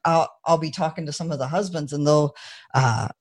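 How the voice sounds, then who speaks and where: Animated woman telling stories as a guest. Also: low voice, normal speed. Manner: animated, laughs between lines. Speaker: podcast guest. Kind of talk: casual storytelling.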